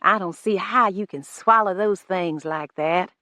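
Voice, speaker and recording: A woman's voice: mid-range voice, measured pace, sharp tone, no echo, clean studio sound. A woman voicing a sickly young male slaveholder who issues threats and commands in an audiobook. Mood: demanding.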